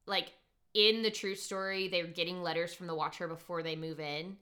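A woman hosting a podcast, telling a story in animated casual chat, full of "like" and quoted dialogue. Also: on the low side, normal speed. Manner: animated, lots of "like" and quoting. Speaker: podcast host.

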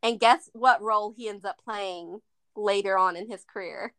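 A woman with a bright, clear voice co-hosts a casual movie podcast. She retells the plot in long stretches and slips into the characters' lines as she goes. Her talk is loose and chatty, full of filler words. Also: mid-range voice, normal speed. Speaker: podcast co-host. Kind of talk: casual movie review chat.

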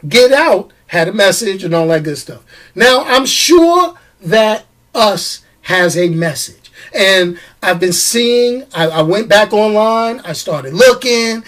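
A man hosting a casual live show, talking straight to his commenters with quick restarts, repeated phrases and frequent laughter. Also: sits high. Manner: animated, stammering restarts, laughs often, talks to commenters. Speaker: show host. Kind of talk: casual live-stream chat.

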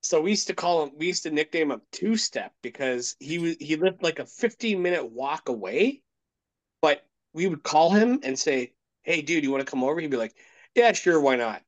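A man's voice: a little high, animated, moderate pace, poor audio. Profane, laughing man telling stories. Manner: swears a lot, laughs at his own stories. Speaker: podcast host. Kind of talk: casual chat.

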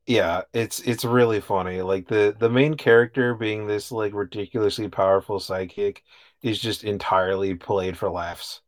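A relaxed man with a fairly low voice chats as a co-host. He talks in an easygoing way, chuckles often and swears offhandedly. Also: moderate pace. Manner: laid-back, chuckling, swears casually. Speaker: podcast co-host. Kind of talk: casual chat.

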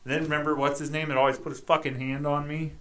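A man's voice: on the high side, flat delivery, quick pace, fairly bright tone. A man in his twenties hosting a casual basement podcast, cursing freely and retelling stories with acted-out quotes. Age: 20s. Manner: profane, storytelling with acted quotes. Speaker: podcast host. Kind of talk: casual crude chat.

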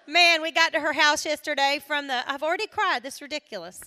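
Southern woman speaker, high bright voice, animated testimony, quick laughs, loud then hushed. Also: slight background noise. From South Carolina, USA. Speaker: singer and speaker at a women's event. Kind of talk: testimony talk to a live audience.

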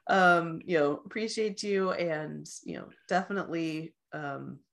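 A woman's voice: on the low side, measured pace, vocal fry, a bit bright. A woman hosting a podcast, chatting casually with her guest and laughing often. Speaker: podcast host. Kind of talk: casual interview chat.

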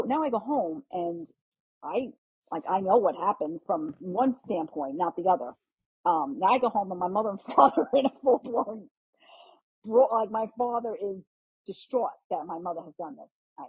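Husky, dark-voiced woman telling a family story. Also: mid-range voice, moderate pace, no room sound. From New York. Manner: animated, swears casually, restarts a lot. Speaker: guest host. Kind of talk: casual storytelling chat. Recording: muffled lo-fi podcast audio.

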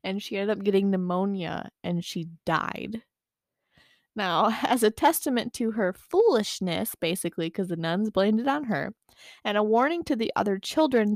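A young woman from Michigan co-hosts a casual podcast, laughing a lot as she reads out local ghost lore. Her voice sits at a middling pitch. She is recorded close to the mic in a dry, dead room. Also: dry recording. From Michigan, USA. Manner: laughs often, swears casually. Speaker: podcast co-host. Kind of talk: casual podcast chat reading ghost stories.

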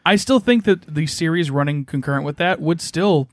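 A man's voice: on the high side, normal speed, no room sound. A man in a casual podcast chat, agreeable, often chiming in.

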